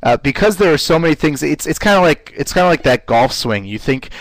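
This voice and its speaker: A man teaching a live online class on running webinars, speaking in an energetic coaching manner and often repeating words as he goes. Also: a little high, a little fast, no echo, low-quality recording. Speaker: webinar instructor.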